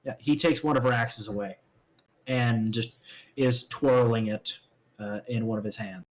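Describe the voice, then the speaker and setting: A man's voice: mid-range voice, steady tone, measured pace, poor audio. A man playing a tabletop game, explaining his moves hesitantly with many fillers. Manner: hesitant, many fillers while working out rules. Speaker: player. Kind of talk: casual tabletop game chat.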